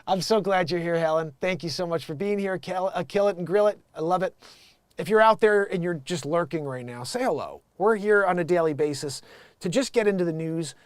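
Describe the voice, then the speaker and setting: A man's voice: high voice, fairly quick, clear, resonant tone, no room sound. A man hosting an improvised comedy news livestream. He rambles, riffs and swears casually. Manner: rambling, riffing, loose and profane. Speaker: comedy news show host.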